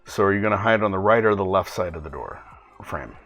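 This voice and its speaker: A man narrating as game master of a tabletop role-playing game, in a halting, filler-heavy way. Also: low voice, expressive, fairly bright tone.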